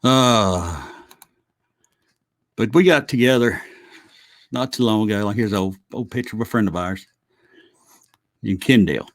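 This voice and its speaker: A man's voice: fairly low pitch, measured pace, pauses often, no room sound. Folksy middle-aged man, dry close sound. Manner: folksy, rambling, chuckles and swears as he reminisces. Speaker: vlogger. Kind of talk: casual storytelling.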